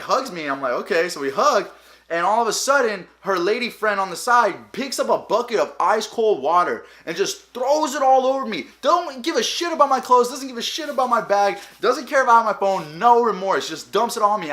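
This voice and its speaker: A young man vlogging, telling funny travel stories in a casual, animated way and acting out the people he quotes. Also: sits high. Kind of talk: casual storytelling.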